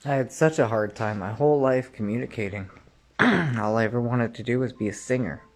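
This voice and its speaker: A man delivering an angry, profane rant straight to the listener, often clearing his throat and rising to shouts. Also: medium pitch, expressive, brisk. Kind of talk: angry direct-to-camera rant.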